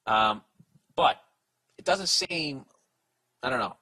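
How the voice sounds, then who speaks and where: A man's voice: medium pitch, takes it slowly. A man hosting a comedy podcast, giving advice in a profane, rambling rant, restarting sentences and mimicking people. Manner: profane, rambling, animated ranting; restarts and mock voices for people in stories.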